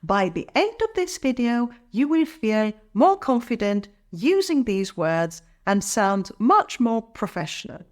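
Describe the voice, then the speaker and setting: A woman teaching English pronunciation, breaking words into syllables and saying them slowly and carefully for learners to repeat. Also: on the high side, big pitch swings. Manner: careful, drawn-out syllables for practice. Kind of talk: slow, clear pronunciation lesson.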